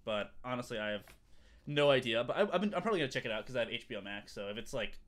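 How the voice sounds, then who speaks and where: A man's voice: mid-range voice, animated, racing, a bit bright. A man co-hosting a podcast in casual chat, rambling with many fillers and restarts. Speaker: podcast co-host.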